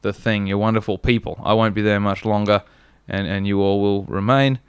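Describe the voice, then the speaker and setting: A young Australian man with a smooth, resonant voice, telling rambling, profane anecdotes on a comedy podcast. The sound is dry and close, with no room around it. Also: lowish voice, fairly even intonation, brisk, no room sound. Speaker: podcast co-host. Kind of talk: casual comedy chat.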